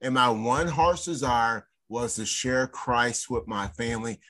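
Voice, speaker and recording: Animated podcast host. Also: male voice, mid-range voice, measured pace. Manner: animated, laughing, preacherly asides. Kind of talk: casual interview chat.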